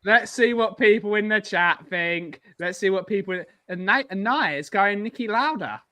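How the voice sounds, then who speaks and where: A man's voice: high-pitched, normal speed, sharp tone, no room sound. A man hosting a live-stream game show podcast, reading out chat comments and bantering with co-hosts. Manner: reads chat comments aloud, laughing, bantering. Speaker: podcast host.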